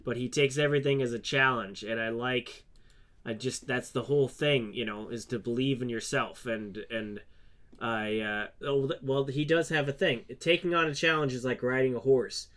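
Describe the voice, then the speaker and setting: A man's voice: mid-range voice, steady tone, fairly bright tone. A man co-hosting a podcast, chatting casually with lots of fillers and restarts. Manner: halting, many restarts and fillers. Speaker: podcast co-host. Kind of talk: casual chat.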